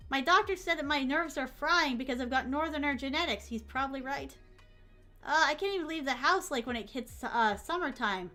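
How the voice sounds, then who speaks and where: A woman's voice: high voice, expressive, moderate pace, bright, forceful tone, faint music behind. A woman streamer in a bubbly, gushing casual chat who reads out viewer messages and adds Japanese honorifics to names. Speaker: VTuber streamer.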